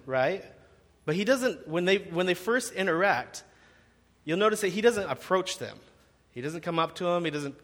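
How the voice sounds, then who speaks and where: A man's voice: on the high side, a bit bright. A man in seminary giving a conversational sermon with frequent fillers, in a reverberant hall. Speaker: seminary student preaching.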